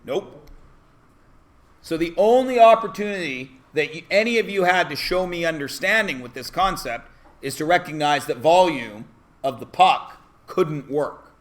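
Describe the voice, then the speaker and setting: A man's voice: fairly high pitch, animated, a little slow. A man teaching a math class, asking the students questions and often answering them himself. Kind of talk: classroom lesson.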